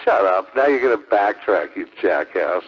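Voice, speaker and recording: Low-voiced man taunting over lo-fi radio. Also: expressive, normal speed, noisy background. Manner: taunting, profane, repeats accusations. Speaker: ham radio operator. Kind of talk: heated on-air argument. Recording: lo-fi radio transmission.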